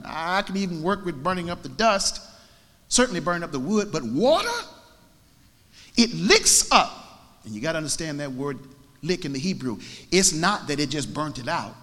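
Preacher man, bright ringy voice, goes loud then hushed, lots of echo. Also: a little high. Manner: dramatic, swinging from shouts to whispers. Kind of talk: sermon.

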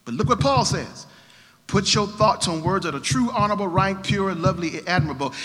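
A man preaching a sermon as pastor, emphatic, swinging between quiet and loud. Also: high voice, expressive, a little fast, long reverb tail.

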